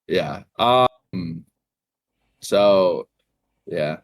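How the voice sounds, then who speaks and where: A young man from Massachusetts co-hosting a casual gaming podcast, rambling and swearing freely, jumping into animated voices when he retells conversations. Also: on the low side, measured pace, dry recording. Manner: rambling, profane, animated in retold dialogue. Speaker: podcast co-host.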